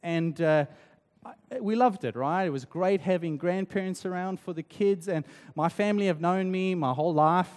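A man from South Africa preaches in a relaxed, chatty way, often checking in with the room. His voice sits high for a man. It rings with the long reverb of a large church hall. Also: normal speed. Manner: conversational, tag questions like "right?". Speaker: pastor. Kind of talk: sermon.

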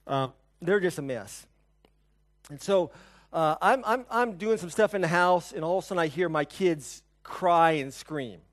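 A male pastor giving a conversational sermon, telling stories, asking the congregation questions, and swinging between soft and loud. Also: a little high, expressive, unhurried. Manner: storytelling, asks the congregation questions.

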